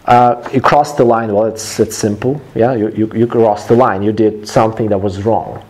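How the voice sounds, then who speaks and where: A man's voice: fairly low pitch, normal speed, mellow. Man explaining English phrases. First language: Russian. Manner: explains phrases in simple words and translates them. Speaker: English teacher. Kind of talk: language lesson.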